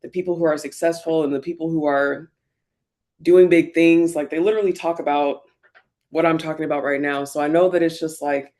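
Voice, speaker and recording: A woman's voice: deep voice, fairly even intonation, fairly quick. A woman vlogger talking candidly and reflectively while getting ready, often using fillers and sometimes close to tears. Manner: reflective, soft-spoken, many fillers; emotional, near tears at times. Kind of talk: candid get-ready-with-me talk.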